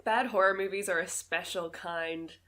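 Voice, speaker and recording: A woman's voice: on the low side, fairly even intonation, moderate pace, a bit bright. A woman co-hosting a casual comedy podcast, giggly and easygoing. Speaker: podcast co-host.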